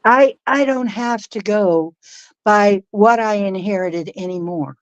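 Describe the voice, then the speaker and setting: A woman's voice: medium pitch, slow pace, dry recording, dull audio. A woman casually telling a story in a loose, rambling way, often restarting her sentences. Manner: rambling, animated retelling with many restarts. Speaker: spiritual podcast host.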